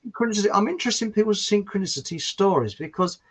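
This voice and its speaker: A man with a southern English accent telling chatty, animated stories as a guest on a video call. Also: high voice, fast talker, slightly rough. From southern England. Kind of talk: casual chat on a video call. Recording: muffled video call audio.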